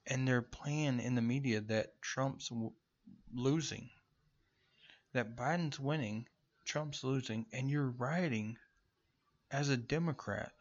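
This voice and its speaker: A man giving an angry political rant, profane and mocking, firing off rhetorical questions. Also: mid-range voice. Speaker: political commentator. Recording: muffled lo-fi recording.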